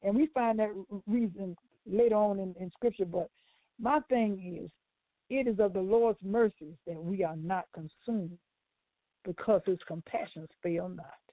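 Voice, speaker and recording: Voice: medium pitch, a little slow, no room sound. Preachy co-host on a tinny phone line. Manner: rambling, emphatic, repeats words, informal dialect grammar. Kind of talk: preaching-style commentary.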